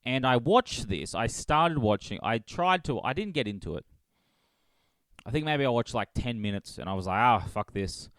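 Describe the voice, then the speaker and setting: A man's voice: mid-range voice, very animated, moderate pace, fairly bright tone, dry recording. A man hosting a solo comedy podcast, rambling and swearing as he laughs at his own jokes. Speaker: podcast host.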